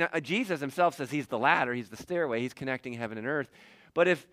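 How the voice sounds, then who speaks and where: A male pastor preaching with a bright, forceful, fairly high voice. He swings from loud emphatic peaks down to hushed asides and chuckles often. The sound is dry and close, with no room echo. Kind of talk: sermon.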